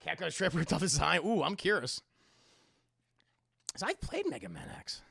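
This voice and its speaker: A man hosting a livestream in a casual, excitable way, swearing freely and laughing often. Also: high voice, normal speed, creaky, husky, dry recording, studio quality. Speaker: livestream host.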